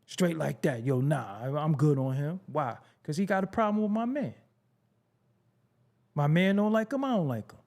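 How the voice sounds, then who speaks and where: A man hosting his own show, talking bluntly in a casual commentary monologue. He swings from low mutters to high, incredulous outbursts. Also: lively intonation, moderate pace, a little mellow. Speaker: show host.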